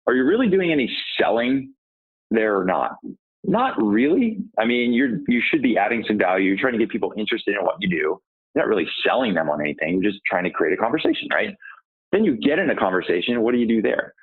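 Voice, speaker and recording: A man talking sales on a tinny, phone-like line. He has a low, husky voice and keeps firing off rhetorical questions, then answering them himself in a coaching tone. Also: big pitch swings, quick pace. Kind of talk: podcast interview answers.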